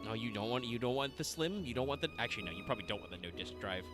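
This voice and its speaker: Chatty streamer guy, lively voice all over the place, cusses a lot, game music behind. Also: medium pitch, racing. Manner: rambling, sweary, animated. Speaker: let's play streamer. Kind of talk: casual chat over gameplay.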